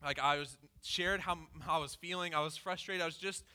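Man, pastor, casual storytelling sermon, candid, fillers, slightly high voice. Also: fairly even intonation, fairly quick, pushed and bright, clean tone. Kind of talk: conversational sermon with a personal story.

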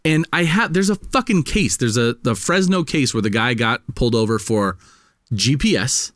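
A man's voice: medium pitch, normal speed, dry recording, studio quality. A man telling a story in casual podcast chat, swearing often and getting worked up as he retells it. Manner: heated, profane, animated retelling. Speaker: podcast co-host.

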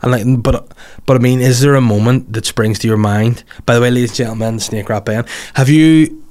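A man's voice: medium pitch, fairly quick, darkish tone. A man in his thirties with a Northern Irish accent, hosting a casual podcast with brash, crude, self-mocking banter. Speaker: podcast host. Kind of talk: casual podcast chat and read ads.

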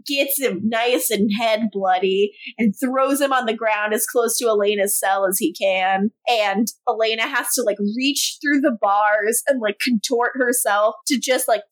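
Woman podcaster retelling a tv episode, chatty, bit high voice, quick stories. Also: rough recording. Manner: chatty, fast storytelling with quoted lines and laughs. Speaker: podcast co-host. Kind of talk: casual recap chat.

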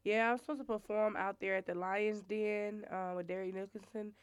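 Smooth-voiced woman comedian. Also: medium pitch, fairly even intonation, normal speed, no echo. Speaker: comedian, guest. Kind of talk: casual chat, self-promotion.

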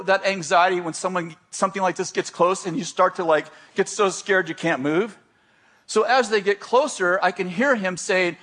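A man who is a pastor, telling a story in a sermon in a lively, self-deprecating way, often restarting his sentences. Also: sits high.

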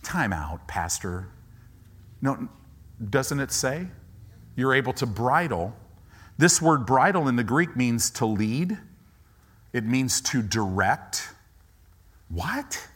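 A man preaching a sermon to a congregation in a church, acting out doubting inner voices and rising to loud commands. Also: medium pitch, expressive, takes it slowly, pauses often. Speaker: pastor.

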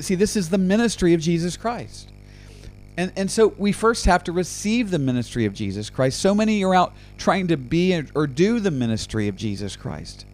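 A man's voice: a little high, darkish tone. A man preaching a radio sermon and leading a prayer, fervent and full of repeated words and restarts. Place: radio program.

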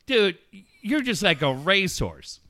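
A man telling a story in casual chat, animated, swearing freely and acting out what people said. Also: high voice, a little slow. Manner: animated, swearing, acts out quotes.

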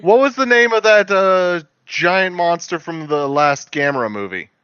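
Man, earnest explaining, bright lively voice, dull lo-fi recording. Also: high voice, moderate pace, clean tone, dry recording. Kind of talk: casual film commentary and argument.

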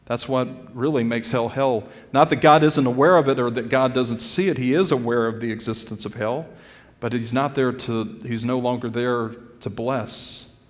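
A male pastor preaching a sermon earnestly, calling his listeners "folks" and swinging between loud emphasis and quiet drops. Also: medium pitch, fairly even intonation, moderate pace, long reverb tail. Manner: addresses the congregation directly as "friends" and "folks". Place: church sanctuary.

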